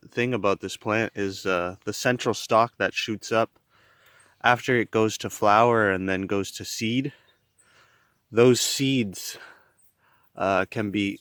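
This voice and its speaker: Young guy, slow rambling outdoor vlog narration, lowish voice, swears now and then. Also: fairly bright tone, dry recording. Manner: rambling, swears, plain-spoken. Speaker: outdoor vlogger. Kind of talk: casual hiking narration. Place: outdoors on a trail.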